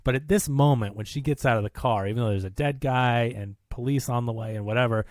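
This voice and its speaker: A man co-hosting a podcast, retelling a film's scenes in casual conversation and slipping into quick voices for the characters. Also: medium pitch, darkish tone, dry recording, studio quality. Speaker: podcast co-host. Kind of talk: casual film discussion.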